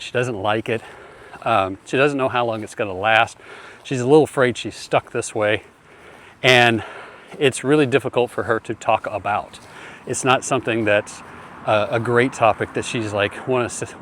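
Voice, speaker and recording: A man of middling pitch gives heartfelt marriage advice. He talks straight to the listener in a steady, earnest way, circling back over his points and calling the listener brother. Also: slight background noise. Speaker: marriage coach. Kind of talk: direct-to-camera advice talk.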